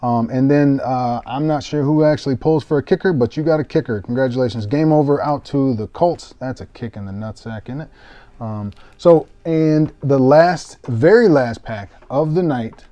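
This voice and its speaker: Young male card-break streamer, mellow tone, dry close sound, hyped and self-deprecating with casual cursing. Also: medium pitch, moderate pace, dry recording. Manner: excitable, self-mocking, swears casually. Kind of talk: casual live-stream commentary.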